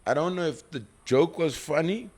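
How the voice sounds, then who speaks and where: A man's voice: on the high side, lively intonation, moderate pace, a little mellow. A man from South Africa hosting a casual podcast chat, talking through his points at length with restarts. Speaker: podcast host.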